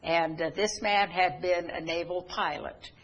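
A woman's voice: lowish voice, steady tone, measured pace, breathy edge, lo-fi sound. A middle-aged woman preaching a sermon, telling stories earnestly, with frequent restarts and fillers. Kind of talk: sermon storytelling.

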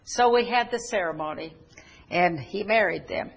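A woman's voice: mid-range voice, lively intonation, normal speed, vocal fry, breathy edge, poor audio. A middle-aged woman preaching a sermon, telling stories earnestly, with frequent restarts and fillers. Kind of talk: sermon storytelling.

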